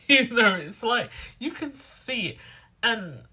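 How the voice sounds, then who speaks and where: A woman, chatting to camera as a student vlogger, rambling and animated. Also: on the high side, takes it slowly, breathy edge. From England. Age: 20s. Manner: rambling, animated, acts out other people's lines. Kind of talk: casual talking-to-camera vlog.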